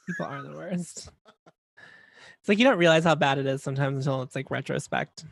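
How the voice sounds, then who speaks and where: A man with a notably high voice chimes in with dry, teasing remarks in easy chat. The recording is close and dry. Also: fairly quick, vocal fry, no echo. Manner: wry, teasing, prods the story along. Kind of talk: casual chat.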